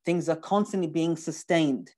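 A man's voice: fairly high pitch, moderate pace, warm tone. A man giving a recorded lecture on scripture, talking animatedly and emphatically, with rhetorical questions and words repeated for emphasis.

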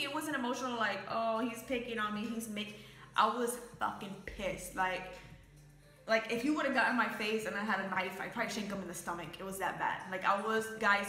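A woman's voice: on the high side, bright, forceful tone, reverberant. An American woman, a young adult, angrily venting to her viewers about her job in a casual, swearing way. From United States. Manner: angry, profane storytelling. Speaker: vlogger.

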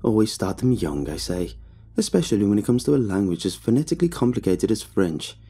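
A man's voice: lowish voice, expressive, a little fast, dark tone, breathy edge. A man voicing a refined, curious middle-aged society lady in an airy, genteel manner.

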